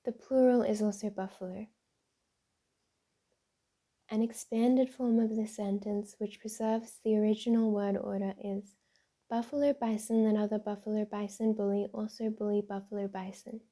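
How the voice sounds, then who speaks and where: Asmr lady reading tongue twisters soft, super mellow dark tone, medium pitch. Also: little pitch movement, moderate pace. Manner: reads aloud carefully, repeating word games and tongue twisters. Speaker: ASMR creator.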